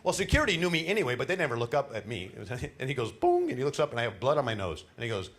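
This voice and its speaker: A middle-aged man doing a stand-up comedy set on a cruise ship, telling animated stories with laughs and put-on voices. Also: medium pitch, racing. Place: cruise ship show lounge.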